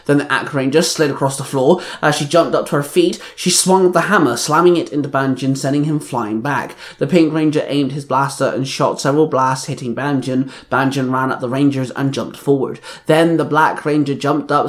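A man's voice: medium pitch, steady tone, moderate pace, few pauses. A man reading an action story aloud, plainly, with small slips and restarts. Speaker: reader. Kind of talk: reading fan fiction aloud.

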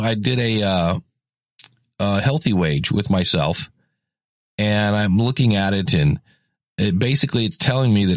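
A man's voice: fairly low pitch, no echo, clean studio sound. A man hosting a casual solo podcast, chatty and rambling, often correcting himself mid-sentence. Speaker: podcast host.

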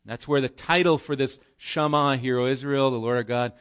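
Man, pastor, explanatory sermon, rhetorical questions, mid pitch. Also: steady tone, normal speed, a bit bright, clear, resonant tone. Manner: conversational, explanatory preaching with restarts and rhetorical questions. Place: church.

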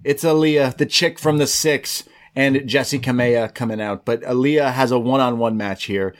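A man's voice: medium pitch, moderate pace. Man recapping a show in casual chat. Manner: retells scenes acting out quotes, relaxed. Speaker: podcast co-host.

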